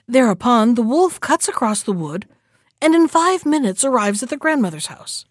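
Expressive woman reading a fairy tale. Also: a little high, moderate pace, dry recording, clean studio sound. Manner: expressive, dramatic storytelling. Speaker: storyteller. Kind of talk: storybook reading.

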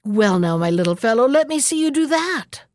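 Big contemptuous giant, gruff storybook voice, as a woman puts him on. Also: fairly high pitch, very animated, normal speed, darkish tone, dry recording, studio quality. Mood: scornful. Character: huge scornful male giant.

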